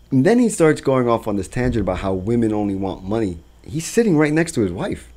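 A man co-hosting a casual chat, telling animated, profane stories about his rideshare passengers and laughing often. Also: mid-range voice, a little fast. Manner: animated, profane storytelling that acts out voices; laughs often while talking. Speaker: podcast co-host recounting rideshare driving.

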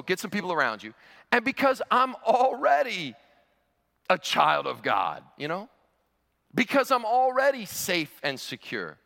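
A man's voice: on the high side, bright, forceful tone. A man preaching a sermon as pastor, mixing teaching with storytelling and stammered restarts. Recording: long hall reverb.

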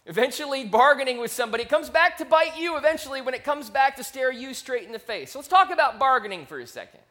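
A man in his thirties preaching a sermon in a casual, storytelling way, with sudden bursts of loudness, on a microphone. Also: high-pitched. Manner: conversational, animated storytelling with quick rises in volume. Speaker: pastor. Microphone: handheld microphone.

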